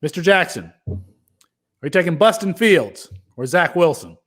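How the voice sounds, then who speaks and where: A man's voice: fairly high pitch, very animated, normal speed, a bit bright. Upbeat man hosting a sports podcast. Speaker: podcast host. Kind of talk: casual podcast chat.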